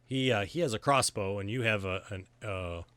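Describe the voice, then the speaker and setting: A man's voice: fairly low pitch, normal speed, fairly bright tone, no echo. A man running a tabletop game as game master, narrating in an easygoing way with lots of fillers and restarts.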